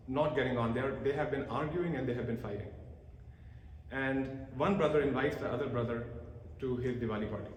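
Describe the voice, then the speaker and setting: A man delivers a public lecture, slipping into the voices of the characters in his stories. His voice sits a little high for a man. The room rings with a long, echoing reverb. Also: a little hiss or hum. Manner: acts out quoted voices, animated storytelling. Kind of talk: public talk on emotions. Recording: echoey hall with long reverb.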